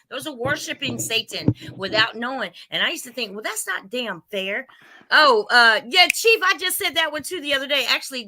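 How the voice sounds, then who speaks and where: A woman's voice: high-pitched, poor audio. A woman in her fifties hosting a casual spiritual chat, telling stories and acting out the quotes in them. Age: 50s. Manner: animated storytelling, acting out quotes. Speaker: host.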